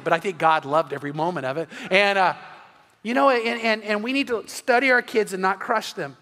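A middle-aged male pastor delivers an earnest sermon, often stumbling over repeated words before a thought. His voice sits high and sounds bright and forward. The sound rings with the long reverb of a church hall. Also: lively intonation, fairly quick.

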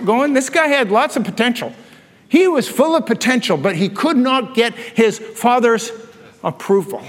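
A man preaching with a high, bright voice, spinning animated stories and chuckling at his own punchlines. His sermon rings out with the long reverb of a big church hall. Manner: animated storyteller, laughs at his own jokes. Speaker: pastor.

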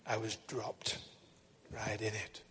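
An older man preaching, telling a personal story in an earnest sermon style that sinks to a hushed tone at tense moments. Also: fairly low pitch, completely flat delivery, takes it slowly, slight background noise. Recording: long hall reverb.

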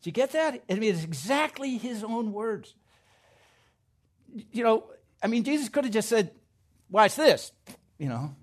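A man preaching a sermon to his congregation in a high, lively voice. He drops to hushed asides and then builds to loud, emphatic declarations. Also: a little slow, long pauses. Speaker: pastor.

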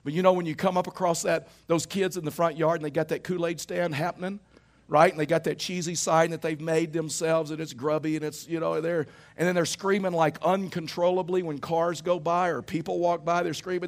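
A middle-aged male pastor delivering a sermon, with a voice pitched a bit above the usual for a man. He speaks conversationally, drifting into everyday stories and checking in with the congregation through rhetorical questions. The setting is a church service. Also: steady tone, brisk.

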